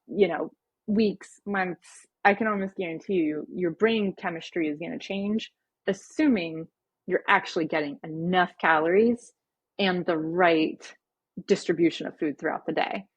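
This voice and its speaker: Husky-voiced woman coaching on a podcast. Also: lowish voice, no echo, dull audio. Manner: explanatory, measured, coaching tone. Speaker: guest, personal trainer and nutrition coach. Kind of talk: podcast conversation.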